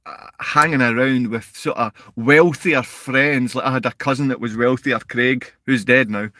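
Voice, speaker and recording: Combative man with a bright voice. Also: medium pitch, steady tone, normal speed, no echo. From Scotland. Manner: combative, insulting, rising to shouted outbursts. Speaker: livestream host and father. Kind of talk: live-stream rant answering chat comments.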